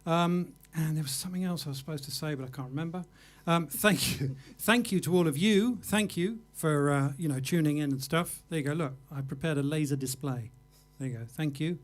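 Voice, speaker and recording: A man's voice: on the high side, fairly quick, hardly any pauses. A man hosting a livestream jazz show, wrapping up the evening in a rambling, self-mocking way. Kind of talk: casual live show wrap-up.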